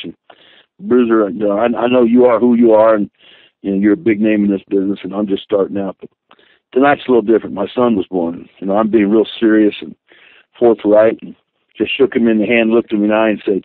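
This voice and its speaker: A man's voice: on the low side, quick pace, no room sound. Older man telling wrestling stories by phone. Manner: rambling, animated anecdotes with many restarts. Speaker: guest, former wrestler. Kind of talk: storytelling interview. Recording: tinny phone line.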